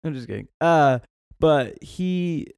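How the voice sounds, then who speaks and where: A young adult man as a guest in a casual chat, telling stories in an animated way and laughing often. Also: fairly high pitch, slow, vocal fry, clear, resonant tone, no room sound. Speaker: podcast guest.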